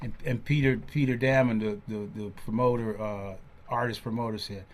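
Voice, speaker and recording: A man's voice: lowish voice, steady tone, moderate pace. Older man, podcast host, storyteller, acts out quoted voices, chatty. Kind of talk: storytelling interview chat.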